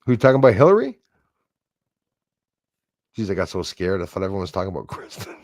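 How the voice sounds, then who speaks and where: A man's voice: low-pitched, big pitch swings, fast talker, a little mellow, dry recording, clean studio sound. A middle-aged man from Canada hosting a casual livestream, chatting to viewers in a rambling way with many fillers, restarts and chuckles. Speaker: livestream host. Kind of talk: casual livestream chat reading viewer comments.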